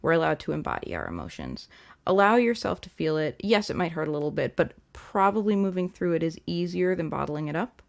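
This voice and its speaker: Young woman doing a chatty tarot livestream, low voice with lots of fry, soft and reassuring, lots of ums. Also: sing-song, brisk. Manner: gentle, chatty, many fillers. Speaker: tarot reader and livestream host. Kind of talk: live-stream tarot reading.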